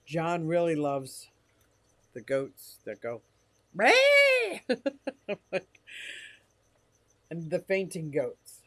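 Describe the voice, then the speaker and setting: An older man talks casually on a live stream and drifts from one thought to the next. He reads chat comments aloud as he goes. His voice sits a little high, and the sound is dry and close with no room echo. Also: lively intonation, extremely slow, pauses often, darkish tone. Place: indoor fish room.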